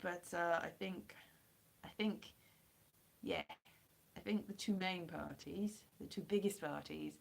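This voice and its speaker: A hoarse woman from the United Kingdom rambling and joking as she chats with viewers on a live stream through a computer mic. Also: on the low side, measured pace, pauses often. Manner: rambling and jokey, chatting to viewers. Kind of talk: casual live-stream chat answering viewers.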